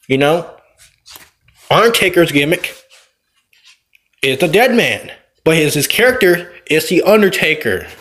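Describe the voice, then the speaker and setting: Man with a fairly high voice for casual gameplay commentary. He rambles, circles back and corrects himself. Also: a bit bright. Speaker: wrestler and vlogger. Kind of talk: casual opinion vlog over gameplay.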